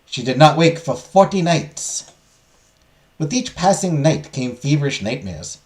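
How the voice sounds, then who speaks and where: Here a man voices a dramatic female history-of-magic teacher from a visual novel, telling a legend with swooping theatrical inflection. He sounds slightly high, sing-song and unhurried, with a mildly mellow quality, firmly in storytelling mode.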